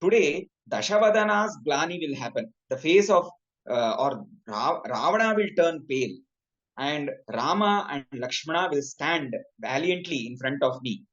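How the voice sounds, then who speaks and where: A man's voice: fairly high pitch, lively intonation, normal speed, a bit bright. Man lecturing on verse, muffled sound. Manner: explanatory, recites Sanskrit verses then translates. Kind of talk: academic lecture with slides.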